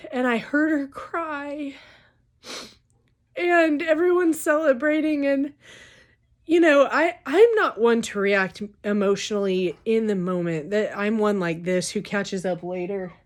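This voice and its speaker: A woman's voice: on the high side, slow pace. A woman vlogger telling a personal story in a casual, candid way, full of "um" and "like". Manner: chatty, full of fillers like "um" and "like"; candid, openly emotional.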